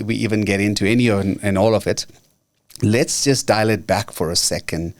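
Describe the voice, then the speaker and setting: Upbeat, lower-voiced man hosting a podcast. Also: steady tone, normal speed. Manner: upbeat, laughs often. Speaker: podcast host. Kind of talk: casual interview chat.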